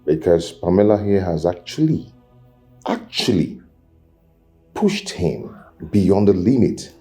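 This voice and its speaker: An actor playing a grave palace man speaking in a measured way, with a Nigerian accent. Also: sits low, sing-song, mellow, faint music behind, full character voice.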